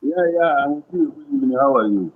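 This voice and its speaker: A man calling in to a talk show, speaking calmly and hesitantly with many pauses and fillers. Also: medium pitch, slightly rough, no echo, phone-quality sound. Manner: hesitant, full of uh, calm. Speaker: caller. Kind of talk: measured call-in comment.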